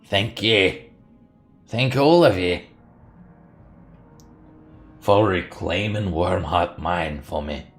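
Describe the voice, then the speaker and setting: A man voicing a brave, one-armed male dwarf miner who blusters gruffly. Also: low-pitched, very slow, long pauses, faint music behind, exaggerated voice. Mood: grateful.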